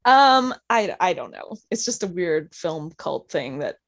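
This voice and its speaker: A woman's voice: on the low side, measured pace. A woman talking as a guest on a podcast, chatting casually and laughing as she tells stories. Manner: laughs often, animated storytelling. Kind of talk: casual chat.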